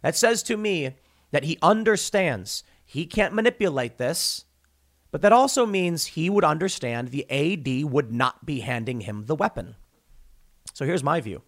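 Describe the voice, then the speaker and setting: A man's voice: a little high, normal speed. A man hosting a political commentary show, talking opinionatedly with frequent restarts and mocking quotes. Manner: animated, stumbling restarts, mocking put-on quotes.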